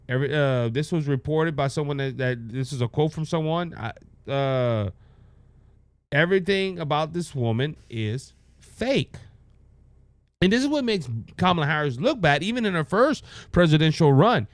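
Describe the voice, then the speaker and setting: A man's voice: a little high, smooth, no echo. A man with a Cajun accent, a minister hosting a political commentary podcast, talking in a folksy way with frequent restarts. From Louisiana.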